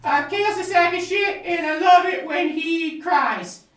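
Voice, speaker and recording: A bumbling, boastful male candidate with a shrill, squeaky voice. He rambles and brags in improvised comedy style. The sound is roomy and echoing, picked up from well away from the mic. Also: a little slow, fairly bright tone. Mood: gloating. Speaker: candidate at a press event. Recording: echoey room, distant mic.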